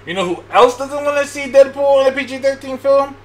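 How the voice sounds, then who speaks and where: A man in casual chat, excitable and laughing as he pitches ideas, swearing freely along the way. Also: fairly quick.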